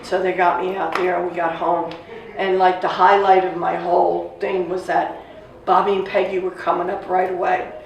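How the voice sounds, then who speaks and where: A woman in her sixties casually telling a family story, animated and acting out the voices of the people she quotes. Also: fairly low pitch, normal speed, creaky, highs cut off. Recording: echoey room, distant mic, faint noise.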